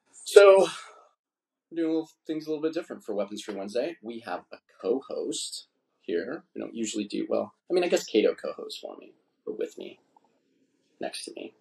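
A man's voice: lowish voice, vocal fry, darkish tone. A man hosting a casual podcast chat, rambling and swearing freely. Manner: profane, rambling, laid-back. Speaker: podcast host. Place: indoors, drinking wine.

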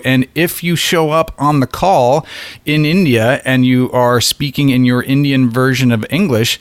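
A man's voice: medium pitch, no echo. A man talking through an uncomfortable topic in candid conversation, thinking aloud with frequent restarts and repeated words.

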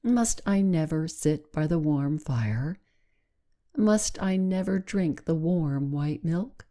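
A woman voicing a proud, cunning female wild cat in a slow, deliberate storybook reading. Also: sits low, animated, dark tone. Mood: coaxing.

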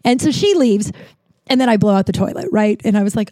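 A woman's voice: medium pitch, expressive, fast, dark tone, dry recording. A woman in her thirties hosting a podcast, telling a rambling, profane story in a casual chat. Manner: chatty, profane, rambling with many restarts. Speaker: podcast host.

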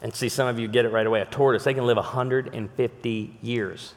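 A man's voice: mid-range voice, fairly quick. A male pastor telling funny stories to a live audience in a big hall, then turning earnest as he makes his appeal. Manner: animated, jokey anecdotes with sudden shifts to earnest appeal. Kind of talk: humorous sermon storytelling. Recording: long hall reverb, live stage recording.

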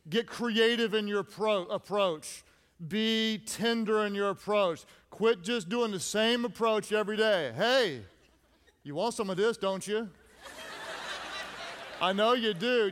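High-voiced joking male preacher. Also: fairly bright tone. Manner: playful, joking preacher calling for audience responses. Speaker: pastor. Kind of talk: sermon.

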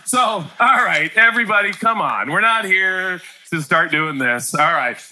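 Man, 40s, pastor, animated joking sermon, high voice, very bright tone. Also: measured pace. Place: church sanctuary with live congregation.

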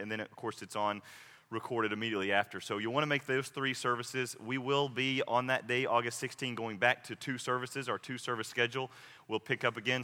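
A man's voice: on the low side, bright, forceful tone. A man preaching as a pastor, earnest and emphatic, repeating his key phrases. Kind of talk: sermon with announcements and prayer. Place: church sanctuary. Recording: long hall reverb.

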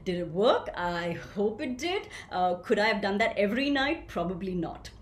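A woman runs an interactive voice workshop, moving between stage anecdotes and participants' comments with animated energy. Her voice sits in the middle range for a woman. The recording carries a roomy echo and a faint hum of ambient noise. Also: mid-range voice, normal speed. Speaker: voice coach leading an online workshop. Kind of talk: interactive webinar talk.

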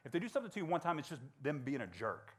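Male speaker, 40s, school talk, animated and conversational, acts out voices. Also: on the high side, very fast, breathy edge. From Georgia. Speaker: motivational speaker. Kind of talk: storytelling talk to students.

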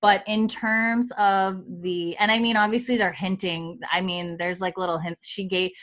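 Casually recapping scenes on a podcast, this woman quotes the characters' lines and stays chatty and giggly. She has a mid-range, fairly bright voice with fairly even intonation and a moderate pace.

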